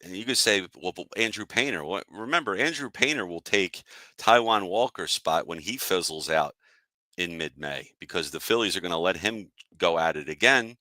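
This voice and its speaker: A man's voice: deep voice, animated, moderate pace, pushed and bright, no room sound. A man hosting a casual sports show, ranting in an annoyed, fired-up way and answering chat viewers. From Philadelphia area. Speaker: sports podcast host.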